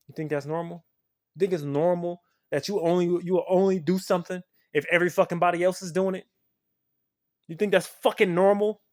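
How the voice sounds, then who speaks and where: This is an impassioned, profane rant delivered straight to the camera by a spiritual video creator whose voice moves between quiet muttering and outright shouting.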